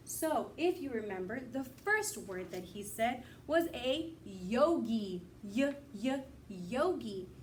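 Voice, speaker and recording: A young woman teacher giving a slow, sing-song phonics lesson to young children, drawing out the letter sounds. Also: fairly high pitch, sing-song, recorded from a distance, slight background noise. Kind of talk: recorded kindergarten phonics lesson.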